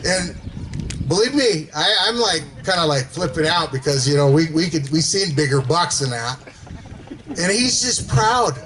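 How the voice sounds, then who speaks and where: A man's voice: a little high, lively intonation, normal speed, a crowd in the background, rough recording. A man telling casual stories to a gathering, rambling with fillers and chuckling as he goes. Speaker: storyteller at a gathering. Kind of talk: casual storytelling.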